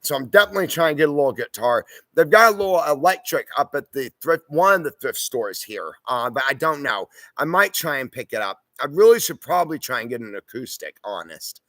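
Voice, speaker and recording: A man's voice: mid-range voice, lively intonation, a little fast, few pauses, bright, forceful tone, no echo. A man hosting a casual livestream, reading viewer comments aloud and answering them in an easygoing, chatty way. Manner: easygoing and chatty, often says "y'all" and "hoorah". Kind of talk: casual live-stream chat.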